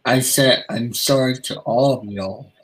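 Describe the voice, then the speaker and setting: A man in a casual podcast chat talks sheepishly and apologizes to the group. His voice sits at an ordinary middle pitch. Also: a little slow, low-quality recording.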